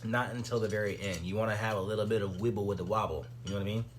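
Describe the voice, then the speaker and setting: A man's voice: on the low side, steady tone, rapid-fire, slight background noise. A man chatting loosely on a live stream while assembling hardware at home, joking and talking to his dog. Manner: rambling, loose, joking asides to chat and dog. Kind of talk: casual live-stream commentary while building.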